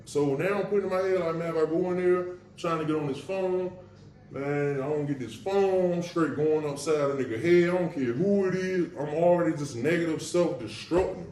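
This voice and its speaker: Man, casual storytelling, slangy and blunt, wry dark humor, fairly high voice, echoey room a bit off-mic. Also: normal speed, distant mic. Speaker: podcast host recounting his past.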